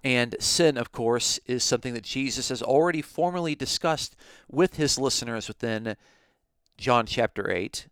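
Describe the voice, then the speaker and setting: A man's voice: mid-range voice, normal speed, fairly bright tone, clear, resonant tone, no room sound, clean studio sound. A man teaching a podcast Bible lesson, explaining his points methodically and step by step.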